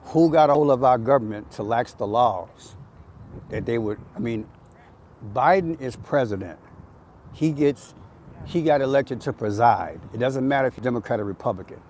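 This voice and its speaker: A man's voice: medium pitch, normal speed, a little mellow, slight background noise. A man hosting an outdoor live stream, talking in an emphatic, repetitive, preachy way. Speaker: channel host. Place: outdoors on an urban street.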